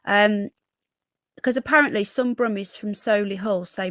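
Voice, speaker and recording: A woman's voice: mid-range voice, moderate pace, a bit bright, dry recording, studio quality. A woman from Birmingham with a toned-down Brummie accent touched by Yorkshire, chatting casually as a livestream host and reading out viewer comments. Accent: toned-down Birmingham with a bit of Yorkshire. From Birmingham, England. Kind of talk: casual live-stream chat reading comments.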